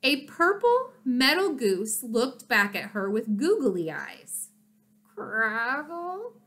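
A woman narrates a children's chapter book in an expressive storytelling way. Her voice is fairly high and very lively in pitch, and she reads at a slow, deliberate pace. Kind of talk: children's audiobook reading.

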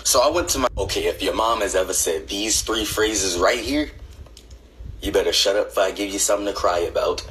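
A young man doing comedic skit monologues, swinging between high exasperated rants and low deadpan asides. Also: fairly quick, rough recording. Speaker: comedy sketch creator.

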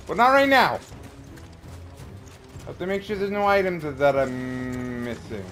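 A man from Canada doing excitable let's-play commentary, trash-talking the enemies he fights and rambling into jokes. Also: a little high, measured pace, long pauses. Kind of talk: live gameplay commentary. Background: game music.

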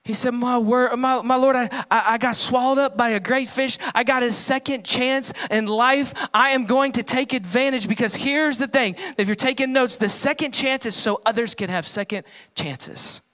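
Young male pastor, high-pitched, animated storyteller delivering a sermon. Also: normal speed, few pauses. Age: young adult. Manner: storytelling, animated voices for quoted people. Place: church.

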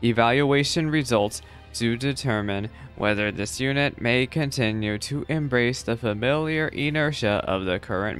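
A man's voice: medium pitch, fairly bright tone, lightly acted. A man voicing a formal, literal-minded robot unit with a clipped, mechanical delivery while reading game dialogue aloud.

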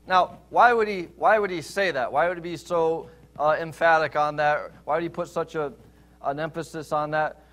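A man with a fairly high voice preaches a sermon in a church. He hammers home points with rhetorical questions, then drops low and quiet to read scripture aloud. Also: moderate pace. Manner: emphatic, rhetorical questions, shifts between loud stress and quiet scripture reading. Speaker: pastor.

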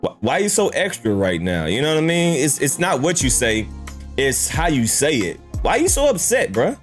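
Brief: casual reaction host, man, lively swooping delivery, incredulous and slangy. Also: on the high side, normal speed, soft background music. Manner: incredulous, repeats "bruh", rhetorical questions.

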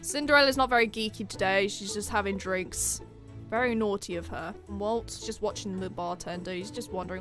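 A woman giving chatty, excitable let's-play commentary over a life-simulation game, often breaking into giggles. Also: mid-range voice, normal speed, soft background music. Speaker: gaming channel host.

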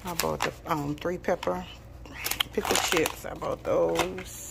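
A woman's voice: fairly low pitch, fairly even intonation, takes it slowly, gravelly. A woman chatting to her viewers about her purchases, filming on a handheld phone at home. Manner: chatty, addresses viewers as y'all, listing purchases. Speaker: home decor vlog host. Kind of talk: casual chat to viewers. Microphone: handheld phone, no tripod. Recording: loud background noise.

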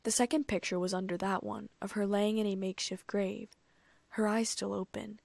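A woman reads a fan fiction audiobook in a steady, flat voice with a slightly gravelly edge. Her voice is medium-pitched at a normal speed, recorded close and dry with no room sound.

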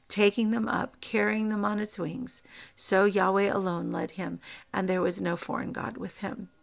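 A woman teaching scripture with a creaky, gravelly voice. She reads the verses slowly and deliberately. At times she is moved and emotional. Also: mid-range voice. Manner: slow deliberate reading of scripture. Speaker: Bible teacher.

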